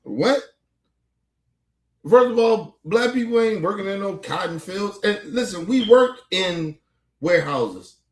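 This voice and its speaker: A man's voice: high voice, expressive, measured pace. Exasperated man ranting in an echoey room. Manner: profane, exasperated rant. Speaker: streamer and commentator. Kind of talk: casual reaction commentary.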